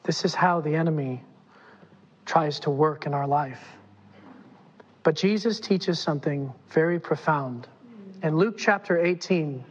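A man's voice: fairly high pitch, dull audio. A man preaching a sermon as pastor to a congregation, emphatic and dramatic. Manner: emphatic, dramatic, acting out quotes. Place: church hall before a congregation. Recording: long reverb in a church hall.

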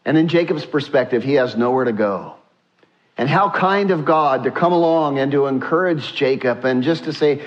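A man's voice: medium pitch, normal speed, dull audio. A male pastor preaching a sermon with energy and many exclamations, asking the congregation to read verses aloud. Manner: energetic, exclamatory, frequent uh fillers; asks congregation to read along.

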